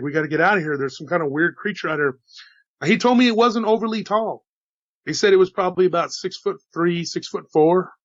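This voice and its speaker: A man recounting a strange encounter in a casual storytelling manner, slightly hoarse after an illness, dropping "you know" and "dude" as he goes. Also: fairly high pitch, no room sound, dull audio. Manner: relaxed, chatty, says "dude" and "you know". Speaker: storyteller relaying witness accounts.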